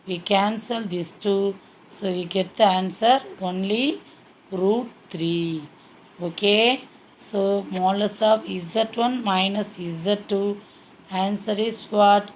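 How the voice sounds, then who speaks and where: Slow, patient woman teaching maths. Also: medium pitch, a little hiss or hum. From India. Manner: slow, step-by-step explaining with frequent "okay" checks. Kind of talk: classroom maths lesson.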